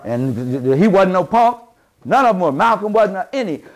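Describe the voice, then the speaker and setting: A man giving an impassioned lecture to a live audience, speaking in a folksy, colloquial way and rising to shouted emphasis like a preacher. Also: high voice, sing-song, normal speed. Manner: folksy, colloquial, with double negatives.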